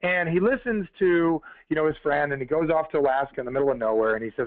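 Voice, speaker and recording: A motivational speaker tells a story at a rapid clip, speaking straight to his listeners. His voice sits a little high for a man. The sound is thin and dry, like a phone line. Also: dry recording. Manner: fast, conversational, addressing listeners directly. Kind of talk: motivational storytelling on a conference call. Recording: tinny phone-line call.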